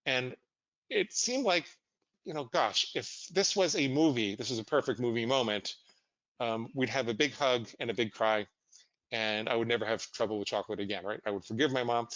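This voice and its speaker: A man speaks as a psychologist guest, telling his story candidly with animated, self-deprecating humour. His voice sits at a middle pitch, and the sound is dry and slightly dull. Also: dry recording. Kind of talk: conversational interview storytelling.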